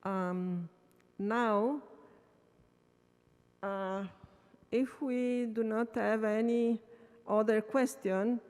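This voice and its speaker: A woman with a higher voice chairs an academic session, speaking very slowly and formally. She sounds distant, with a long reverb. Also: fairly even intonation, darkish tone, smooth. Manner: unhurried, formal. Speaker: session moderator.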